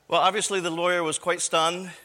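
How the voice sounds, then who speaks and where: A man's voice: high voice, level tone, fairly quick, bright, forceful tone, slight background noise. A man giving a live conference talk on church leadership, lecturing conversationally with rhetorical questions and frequent self-corrections.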